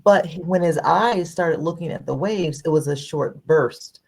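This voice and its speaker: A woman's voice: deep voice, unhurried, vocal fry, darkish tone, breathy edge. A woman co-hosting a faith podcast, speaking thoughtfully in a musing, casual way. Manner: thoughtful, musing, many fillers. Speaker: podcast co-host.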